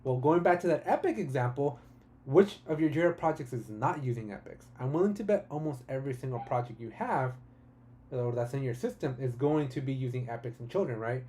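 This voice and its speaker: A man hosts a live software tutorial in a relaxed, chatty way. His voice is mellow and dark-toned, and he often trails into "right?" and restarts his sentences. He sounds excited about his subject. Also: mid-range voice, fairly quick. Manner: casual and enthusiastic, with frequent "right?" and restarts. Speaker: tutorial host.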